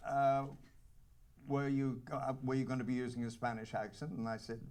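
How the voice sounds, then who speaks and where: A man's voice: mid-range voice, steady tone, darkish tone. Wry Welsh man telling stories. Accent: North Welsh. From North Wales. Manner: halting, many restarts, wry humor. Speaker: actor at a screening Q&A. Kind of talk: casual anecdotal panel talk. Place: cinema auditorium with audience.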